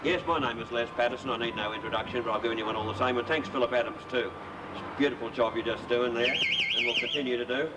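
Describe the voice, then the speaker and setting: A man's voice: medium pitch, steady tone, fast talker, far from the mic, very noisy, lightly acted. A man playing a crude, blustering Aussie politician. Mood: boorish. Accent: broad Australian. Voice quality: blustering, rambling, laughs at own jokes. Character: boorish crude middle-aged male Australian politician. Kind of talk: comic character monologue.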